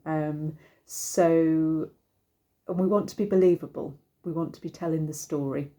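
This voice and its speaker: A woman's voice: deep voice, steady tone, unhurried, dark tone. A woman, a singing teacher, giving a casual and rambling lesson to camera with many ums and restarts. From United Kingdom.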